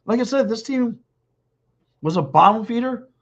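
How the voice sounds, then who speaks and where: A man in his fifties hosting a podcast, talking sports alone and reading out live comments, blunt and excitable, repeating himself, a little hoarse with a dry throat. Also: very high voice, moderate pace. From Philadelphia. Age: 50s. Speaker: podcast host. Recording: dull lo-fi stream audio.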